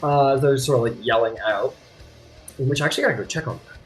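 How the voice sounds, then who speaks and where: A man narrating a tabletop game as game master, relaxed and rambling with many fillers. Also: medium pitch, quick pace, faint music behind.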